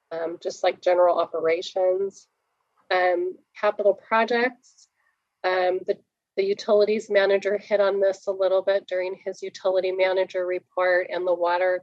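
A woman on staff presenting a budget report to a board at a public meeting, brisk and explanatory, with frequent fillers. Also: on the low side, a little mellow, no room sound, highs cut off.

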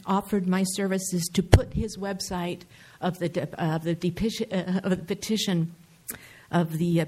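A man's voice: high-pitched, a little mellow. Tearful older man giving public testimony. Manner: emotional, halting, tearful. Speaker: public commenter.

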